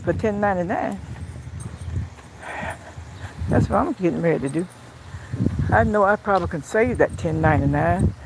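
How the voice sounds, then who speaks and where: A woman's voice: sits low, heavy background noise. A woman chatting casually on a live phone stream while walking outdoors and then at home, rambling and repeating phrases, out of breath from walking. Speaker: vlogger. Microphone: phone camera.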